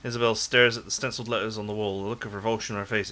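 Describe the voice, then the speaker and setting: A man's voice: fairly low pitch, flat delivery, racing, bright, forceful tone, slight background noise. A man hosting a let's play, reading game text aloud dramatically and chatting casually about the game with lots of "like". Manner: casual asides full of "like", dramatic read-aloud of game prose.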